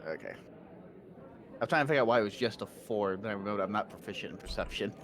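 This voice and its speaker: A man's voice: lowish voice, brisk. A man playing in a tabletop game, chatty and self-mocking, laughing easily. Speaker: player. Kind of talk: casual chat.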